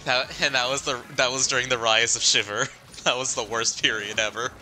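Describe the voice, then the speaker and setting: Brief: male streamer host, very bright, sharp voice, giggly jokey chat, light game music under. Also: mid-range voice, fairly even intonation, fairly quick, rough recording. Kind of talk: casual gaming chat.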